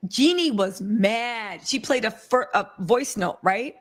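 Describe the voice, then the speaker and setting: Woman doing casual commentary, animated, slightly high voice, keeps talking to the crowd. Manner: animated, talks in quick asides to the audience.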